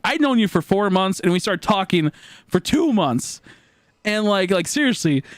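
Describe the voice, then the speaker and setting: Male streamer, high voice, dry close mic, rambling casual storytelling with excited jumps in pitch. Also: normal speed, dry recording. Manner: rambling, animated, voice jumps high in retold dialogue.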